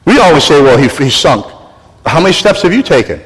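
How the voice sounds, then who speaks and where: An older male pastor preaches in a raised, slightly high voice, urging his listeners and calling for their response. He coughs now and then. The sound rings with the long reverb of a church hall. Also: sing-song, a little fast, noisy background. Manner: exhorting, call-and-response with congregation. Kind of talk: sermon.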